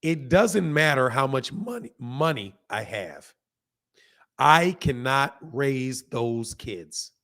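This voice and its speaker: A man with a hoarse voice hosting a casual boxing livestream, talking straight to viewers, repeating points and reading out chat comments. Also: medium pitch, lively intonation, slow pace, a bit bright. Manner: talks straight to viewers, repeats himself for emphasis. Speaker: boxing channel host.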